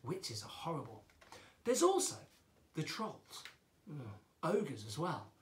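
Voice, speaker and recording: Playful drama teacher in an echoey room. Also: male voice, on the high side, wildly swooping pitch, takes it slowly. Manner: chatty, playful and encouraging to children. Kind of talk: playful children's drama lesson.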